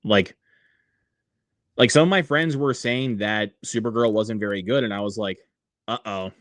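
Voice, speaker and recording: A man's voice: lowish voice, moderate pace, fairly bright tone, no echo, clean studio sound. A man hosting a casual livestream, rambling with many fillers and reading viewer comments aloud. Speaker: livestream host.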